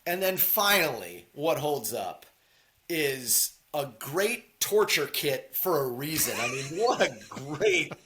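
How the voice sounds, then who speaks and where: A man co-hosting a casual movie podcast, rambling and joking, now and then slipping into silly voices for quotes. His voice is bright and sits a bit high for a man. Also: very animated, slow pace. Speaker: podcast co-host.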